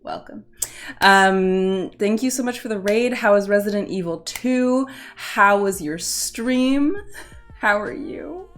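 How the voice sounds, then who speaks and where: Woman streamer, unhurried but flustered and awkward, casual chat over faint background music. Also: medium pitch. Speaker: livestream host.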